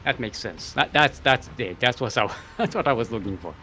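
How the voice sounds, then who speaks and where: A man casting a live video game match, excitable and laughing often as he talks. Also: mid-range voice, brisk, faint music behind. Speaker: esports caster.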